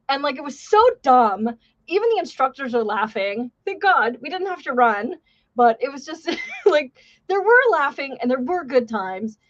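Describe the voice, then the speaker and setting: A woman's voice: fairly high pitch, highs cut off. A woman livestream host, a former police officer, chatting casually and a bit profanely, mocking herself and reading out chat messages.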